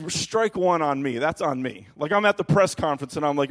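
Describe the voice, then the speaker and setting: Animated preacher man, slightly high voice. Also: normal speed, few pauses. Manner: animated storytelling, drops soft and low when quoting God. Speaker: pastor. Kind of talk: sermon. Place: church.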